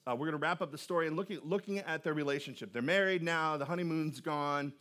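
A man preaching a sermon, his voice sitting noticeably high for a man. He keeps it loose and conversational, cracking jokes and often restarting his sentences with repeated words. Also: fast, fairly bright tone. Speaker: pastor. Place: church auditorium.

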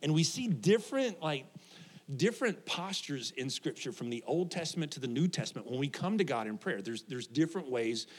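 A man's voice: fairly high pitch, big pitch swings, fairly quick, breathy edge. A middle-aged man, a pastor, preaching a conversational sermon to a congregation, joking, laughing often and asking his listeners questions.

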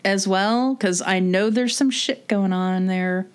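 A woman's voice: medium pitch, takes it slowly, clean tone. A woman co-hosting a podcast who reads listener letters aloud and often breaks into giggles. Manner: giggly, laughs often while reading. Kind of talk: casual podcast banter and letter reading.

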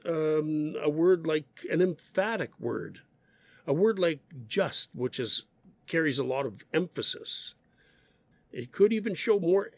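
A man who speaks English natively, teaching learners English expressions, slow and emphatic, repeating phrases. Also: a little high, vocal fry, no room sound.

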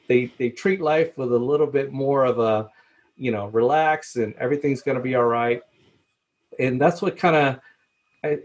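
Guy telling a cruise ship work story, chatty, laughs a bunch, mid pitch. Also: darkish tone. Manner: chatty, laughs often, acts out quoted people. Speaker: podcast guest, former cruise ship purser. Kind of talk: casual storytelling.

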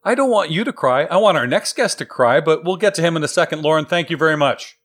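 A man's voice: a little high, animated, fast talker, a bit bright. A man hosting a pinball trivia podcast, introducing contestants in an upbeat announcer manner. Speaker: podcast host. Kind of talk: game-show style hosting.

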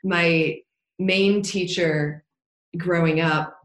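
A woman's voice: on the low side, steady tone, very slow. Cheerful woman guest, roomy sound. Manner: cheerful, laughs often, many ums. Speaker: podcast guest, dance teacher. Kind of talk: casual interview chat. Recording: roomy echo.

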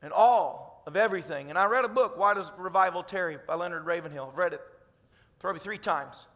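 A man's voice: high voice, fairly quick, fairly bright tone, in a large hall. A man from Tennessee with a Southern accent, preaching a fervent, emphatic sermon as pastor. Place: church sanctuary.

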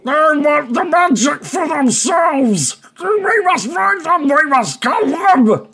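A man's voice: very high voice, expressive, takes it slowly, creaky, sharp tone, voice pushed up, full character voice. Bargle, a man doing a bellowing goblin king. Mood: furious. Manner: bellowing commands. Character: huge fat goblin king, bossy and angry.

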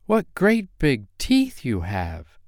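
A man voicing a young girl from a fairy tale in a high, sweet put-on voice. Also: wildly swooping pitch, slow pace, no echo, clean studio sound, heavily acted.

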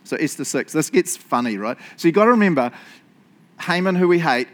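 A man's voice: mid-range voice, very animated, brisk. A man preaching a casual, confessional sermon to his church, chatty and self-deprecating, laughing often. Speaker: pastor.

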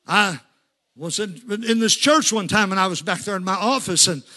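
A man's voice: sits high, brisk, bright, forceful tone. A man preaching a sermon, telling folksy stories and rising to fervent calls to the congregation.

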